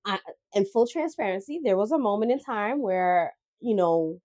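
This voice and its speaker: A woman's voice: mid-range voice, lively intonation, moderate pace, a little mellow, dry recording. A woman co-hosting a casual podcast chat, talking reflectively with many restarts and checking in with "right?". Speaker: podcast co-host.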